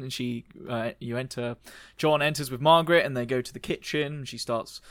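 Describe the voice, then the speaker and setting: A man's voice: medium pitch, fairly quick, hardly any pauses, fairly bright tone, no room sound, clean studio sound. A man narrating a tabletop game as game master, hesitant and full of ums.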